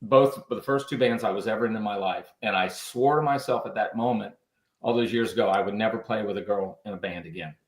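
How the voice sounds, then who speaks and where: A man, a musician and guest on a radio show, telling stories about his band in an animated way. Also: on the low side, quick pace, reverberant, poor audio. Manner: animated storyteller, lively quoted voices. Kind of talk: storytelling in interview.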